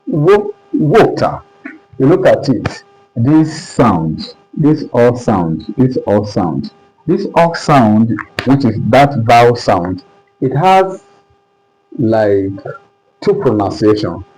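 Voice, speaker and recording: A man's voice: lowish voice, warm tone, rough recording. A man teaching English pronunciation at a board, speaking with a Nigerian English accent and repeatedly asking whether his students understand. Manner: repetitive, keeps checking understanding. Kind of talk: classroom lesson at a board.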